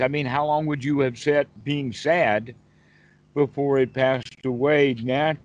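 Male dharma teacher on a video call, mid-pitched, explanatory, poses questions, dull lo-fi sound. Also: steady tone, measured pace. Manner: explanatory, asks rhetorical questions. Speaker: Buddhist teacher.

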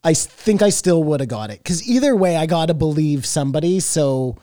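A man's voice: on the high side, animated, a little fast, mellow, no room sound, clean studio sound. A man co-hosting a podcast in casual chat, rambling between thoughts and swearing offhandedly. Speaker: podcast co-host.

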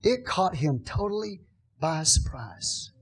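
A man preaching a sermon as pastor, swinging from hushed, conversational asides to loud, shouted declarations. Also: sits high, very animated, slow pace, breathy edge.

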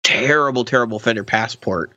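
A man co-hosting a podcast, chatting casually and enthusiastically about guitar and sound gear with quick asides. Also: medium pitch, bright, forceful tone, no echo.

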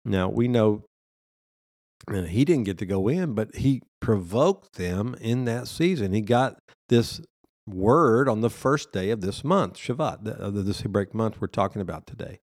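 Guy preaching casually, kinda gravelly, laughs a lot mid-sermon. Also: lowish voice, lively intonation, unhurried, darkish tone, dry recording, studio quality. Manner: conversational preaching with frequent laughs and restarts. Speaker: pastor.

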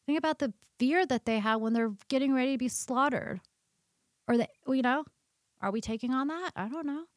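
A woman guest on a podcast interview, talking about diet in an opinionated, animated way. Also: high-pitched, brisk, no room sound, studio quality. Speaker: guest nutrition practitioner. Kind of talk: casual conversational interview.

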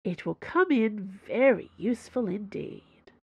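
A woman's voice: mid-range voice, animated, a little slow, darkish tone, husky, no echo, exaggerated voice. A woman reading the lines of a sarcastic, smirking male intruder in an audiobook, with a teasing, smug delivery.

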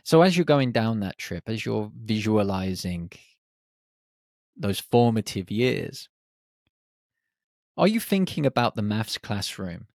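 Slow, low-voiced man reflecting. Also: sing-song, vocal fry, a little mellow, no echo, clean studio sound. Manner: unhurried, speaks in short reflective phrases. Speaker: podcast host. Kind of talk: reflective solo podcast monologue.

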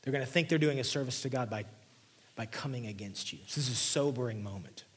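A male pastor delivers an earnest sermon in a husky, breathy voice. He reads scripture aloud and then unpacks it, and at key points his voice drops to a hushed near-whisper. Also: medium pitch, fast talker. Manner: intense, dropping to hushed near-whispers for emphasis.

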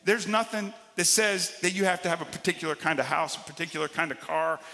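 A man preaching a sermon as pastor, swinging between loud emphatic lines and quiet drawn-out ones. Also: fairly high pitch, steady tone, big-room sound.

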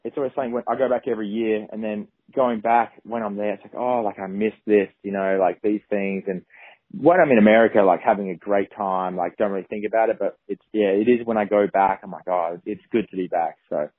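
A man's voice: lowish voice, husky, no echo. Young man on a tinny phone line. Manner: relaxed, filler-heavy, halting. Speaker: punter interviewed by phone. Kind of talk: phone interview.

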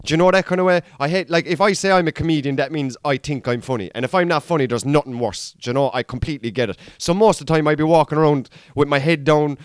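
A man's voice: a little high, quick pace, few pauses, clear, resonant tone, no room sound, studio quality. A man in his thirties with an Irish accent, a comedian talking through a candid, rambling monologue with plenty of swearing. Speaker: comedian and podcast host. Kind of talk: casual storytelling monologue.

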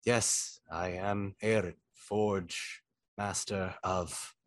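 A man's voice: sits low, steady tone, drawn-out words. A man playing a curt ancient elf smith. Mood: formal. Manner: formal, curt, archaic phrasing. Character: aloof elven forge master, male, ancient and stiff.

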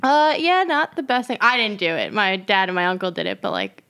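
A woman's voice: mid-range voice, a little fast, creaky, pushed and bright, clear, resonant tone. A woman in casual chat with friends, talking emphatically about food she loves and hates.

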